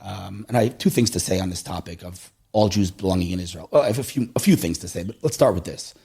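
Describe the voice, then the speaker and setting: Man, podcast guest, rapid delivery, lowish voice, conversational, animated storytelling. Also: vocal fry, husky. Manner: animated storyteller, fillers and quick restarts. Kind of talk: conversational interview.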